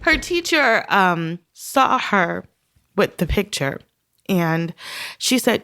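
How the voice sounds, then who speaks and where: A woman's voice: mid-range voice, big pitch swings, slow, bright, forceful tone, clean tone. A woman in her thirties, a podcast guest, talking in an earnest, heartfelt way and laughing often as she tells personal stories. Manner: earnest, laughs often, gets emotional while telling stories. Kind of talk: casual conversation.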